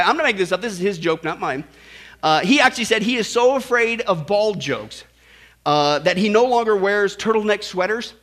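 A pastor preaching a sermon in a jokey, emphatic way, rising to loud exhortations. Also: male voice, high voice.

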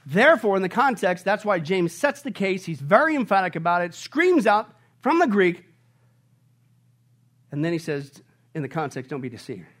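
A man delivers a sermon in a high voice. His delivery is emphatic and repetitive, climbing almost to shouts and falling back to low, hushed warnings. He keeps tossing rhetorical questions to the congregation. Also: very animated, normal speed. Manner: emphatic, repeats phrases, rises to shouting and drops to hushed tones. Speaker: pastor.

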